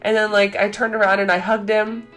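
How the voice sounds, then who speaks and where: A woman's voice: medium pitch, flat delivery, brisk, fairly bright tone, faint music behind. Gushing chatty young woman vlogger. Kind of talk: casual excited storytelling.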